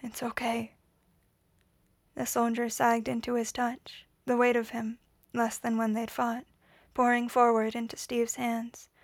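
A woman reading a story aloud in a quiet, measured voice, whispering the dialogue. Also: a little high, completely flat delivery, dry recording. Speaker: reader. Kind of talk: audiobook reading of fan fiction.

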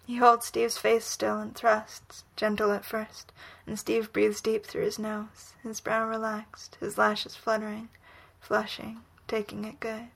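A woman reading a romantic story aloud in whispered role-play, soft, breathy and unhurried. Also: mid-range voice, completely flat delivery. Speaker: reader.

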